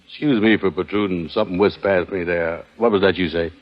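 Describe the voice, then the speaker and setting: A man's voice: sits low, fairly even intonation, brisk, highs cut off, very noisy. A man trading 1940s radio comedy banter as a guest, an easygoing straight man.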